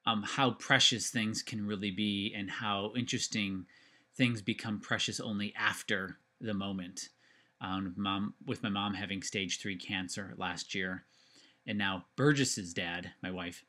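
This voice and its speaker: A man's voice: fairly low pitch, pushed and bright. A man telling a personal story in a casual monologue, earnest and rambling, with many fillers and restarts.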